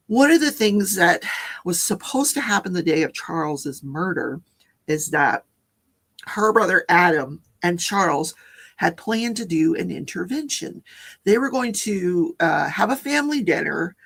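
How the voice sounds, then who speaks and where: Gravelly woman chatting on a livestream. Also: on the low side, fairly bright tone. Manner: chatty, laughs often, greets viewers in the chat. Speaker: livestream host. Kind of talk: casual true-crime livestream chat.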